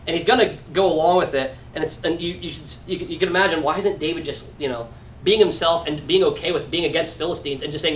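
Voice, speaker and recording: Male pastor, conversational Bible teacher, lively impressions, distant mic. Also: brisk. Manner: animated, acts out quoted lines with sudden high-pitched outbursts; conversational, frequent restarts and asides. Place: church. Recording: distant mic in a room with faint background noise.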